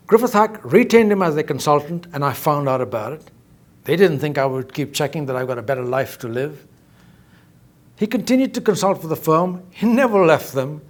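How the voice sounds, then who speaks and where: A man making an emphatic, accusatory statement at a press conference, repeating his key phrases. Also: on the high side. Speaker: inventor speaking at a press conference.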